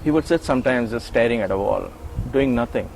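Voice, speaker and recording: A middle-aged man shares memories in an interview, voicing the people in his story as he goes. He often restarts and repeats words, and a faint hiss sits under his medium-pitched voice. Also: fairly quick, vocal fry, low-quality recording. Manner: animated storyteller, acts out quoted lines. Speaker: interview guest, former attendant.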